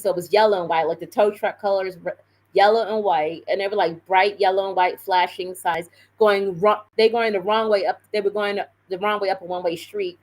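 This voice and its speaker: A woman's voice: fairly low pitch, poor audio. Woman rambling through a story. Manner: rambling, animated retelling with many fillers and self-corrections. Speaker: live streamer. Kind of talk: casual storytelling.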